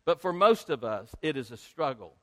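A male pastor preaching a sermon to his congregation, speaking emphatically and rising to loud peaks. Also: on the high side, sing-song, normal speed. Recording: long hall reverb.

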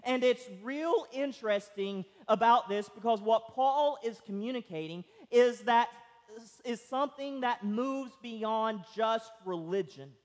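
A man with a high voice preaches slowly and emphatically, swinging from loud stresses to near-quiet asides. The sermon rings through a church hall with a long trailing reverb. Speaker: pastor.

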